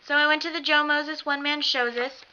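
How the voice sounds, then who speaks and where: A young woman excitedly gushing in a casual vlog, rambling with lots of fillers. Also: high voice, a little fast. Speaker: vlogger. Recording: dull lo-fi webcam sound with faint hiss.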